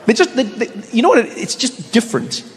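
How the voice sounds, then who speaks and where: A man doing stand-up comedy, telling stories in an animated way with stammered restarts for effect. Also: very high voice, a little fast, a little hiss or hum.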